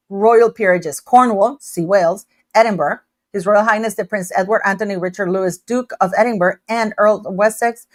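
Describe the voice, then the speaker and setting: A woman hosting a livestream, chatting casually and emphatically, speaking loudly on purpose. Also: mid-range voice, no echo. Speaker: livestream host. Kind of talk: casual live chat commentary.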